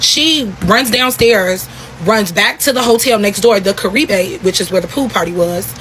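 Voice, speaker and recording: A young woman telling a story in a casual vlog, talking in a profane, animated, repetitive way. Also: medium pitch, normal speed, slight background noise, poor audio.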